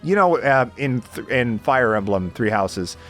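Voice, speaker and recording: A man's voice: medium pitch, animated, measured pace, fairly bright tone, soft background music. A young man giving casual, exasperated game commentary, sarcastic and swearing often.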